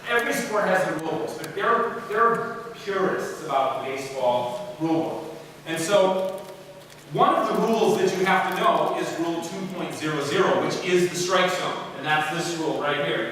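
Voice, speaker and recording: Bright-voiced man in an echoey chapel. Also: a little high, animated, moderate pace, slight background noise. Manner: casual and joking, loose with fillers. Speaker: guest chapel speaker. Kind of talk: humorous storytelling talk. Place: large chapel hall. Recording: echoey chapel hall heard from far off.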